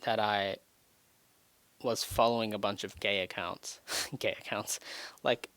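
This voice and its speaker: A man's voice: fairly low pitch, fairly even intonation, a little slow, a bit bright, dry recording. A teenage boy rambling through a frustrated personal rant, his voice rising in sudden outbursts. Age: teens. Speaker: vlogger. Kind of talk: emotional rant to camera.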